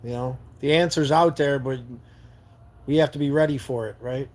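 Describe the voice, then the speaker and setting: A man's voice: medium pitch, steady tone, moderate pace, a little mellow. A man from New York State hosting a live stream from a camper van and answering viewer comments in an earnest, heartfelt way, often repeating words as he searches for them.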